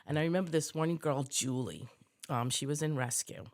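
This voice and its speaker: Gravelly-voiced woman telling her story. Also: deep voice, moderate pace. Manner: reflective, acts out remembered dialogue, many fillers. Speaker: interview guest, widow of a fire chief. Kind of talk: personal storytelling interview.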